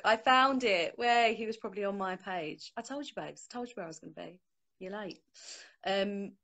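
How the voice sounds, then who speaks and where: Young woman host, casual live-stream chatter, lowish voice, phone mic at home. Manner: chatty, laughing, informal. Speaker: host of her book launch. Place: home, on a sofa.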